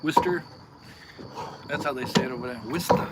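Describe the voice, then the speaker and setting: A man's voice: mid-range voice, fairly even intonation, very fast, noisy background. A middle-aged man from Michigan co-hosting a casual outdoor livestream, tossing in short, laid-back remarks. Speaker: co-host. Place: outdoors at night, crickets around.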